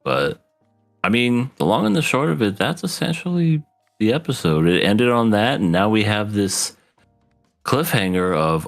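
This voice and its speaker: A man's voice: on the low side, big pitch swings, normal speed, creaky, faint music behind. A man co-hosting a podcast, casually recapping an anime episode, joking and laughing often. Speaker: podcast co-host.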